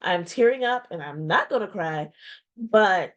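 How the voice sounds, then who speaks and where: A woman in her forties, a small business owner, talks candidly into a webcam. She is reflective and heartfelt, pausing often and repeating phrases. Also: medium pitch, expressive, fairly bright tone, lo-fi sound. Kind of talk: candid personal vlog talk. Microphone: webcam or video-call mic.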